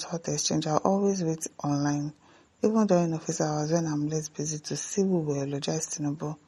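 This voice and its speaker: A Nigerian woman hosts an online show and reads viewer comments aloud, answering each one in a lively way and slipping into Pidgin. Her voice is low, mellow and a little husky. She talks casually, as if chatting with her audience. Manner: animated, switches into Pidgin asides. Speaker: host reading viewer comments.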